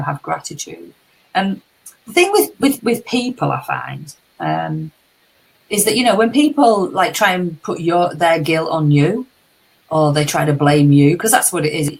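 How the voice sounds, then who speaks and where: Low, gravelly British woman. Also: rough recording. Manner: candid storytelling, swears freely. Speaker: co-host, life coach. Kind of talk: casual live chat.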